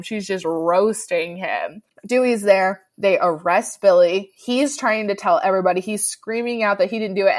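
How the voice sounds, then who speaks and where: A woman co-hosts a casual podcast, walking through a movie scene by scene. She gets animated and jumps into the characters' lines as she tells it. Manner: animated, acts out quotes in loud high voices. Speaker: podcast co-host. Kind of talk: casual movie recap chat.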